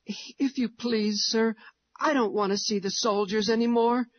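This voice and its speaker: A man's voice: high voice, fairly even intonation, a little slow, pitched above the performer's own voice. A man voicing a frightened little boy who speaks in a trembling, pleading way. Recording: dull lo-fi recording.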